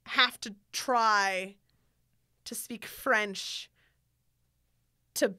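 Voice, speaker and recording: A woman's voice: medium pitch, smooth, dry recording, clean studio sound. A young woman co-hosting a podcast in casual chat, talking animatedly and laughing often. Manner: animated, talkative, quick to laugh. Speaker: podcast co-host.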